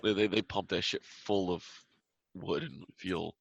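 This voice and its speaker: A man's voice: low voice, steady tone, measured pace, vocal fry, no echo. A man running a tabletop game as game master, narrating and teasing the players in a dry way. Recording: dull lo-fi recording.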